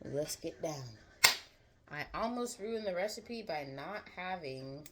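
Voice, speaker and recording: A woman's voice: lowish voice, expressive, slow pace, a little hiss or hum. A woman chatting playfully while cooking at home, laughing often and slipping into a joking mock Italian accent. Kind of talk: casual cooking vlog chat. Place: home kitchen. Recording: loud kitchen clatter behind the voice. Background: clattering pots, dishes and clicks.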